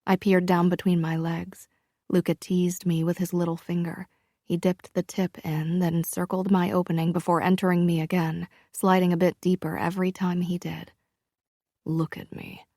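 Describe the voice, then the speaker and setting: A woman narrates a first-person romance audiobook, reading slowly and intimately. Her voice is low-pitched with a gravelly rasp. The recording is dry and close. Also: little pitch movement, dark tone, no echo.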